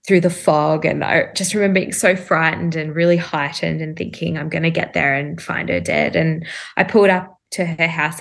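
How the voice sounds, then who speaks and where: A woman's voice: low-pitched, creaky, a bit bright. A woman guest in a podcast interview, earnestly recounting a personal story with frequent fillers and quoted thoughts.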